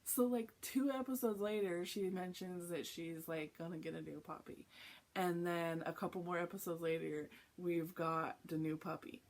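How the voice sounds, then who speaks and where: A woman's voice: on the low side, steady tone, moderate pace, a little mellow. A young woman chatting casually on a cross-stitch vlog, rambling through a story with lots of asides. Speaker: flosstube vlogger. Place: home, early morning.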